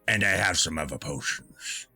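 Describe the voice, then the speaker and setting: A man voicing a grumpy male potion seller in a tabletop role-play, stalling and gruff. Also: a bass voice, moderate pace, pushed and bright, no echo, soft background music, exaggerated voice. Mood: guarded.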